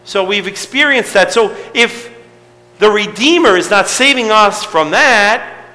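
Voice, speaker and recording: High bright-voiced middle-aged pastor preaching, lots of questions to the room, long church reverb. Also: male voice, animated, unhurried. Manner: conversational preaching with rhetorical questions. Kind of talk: sermon.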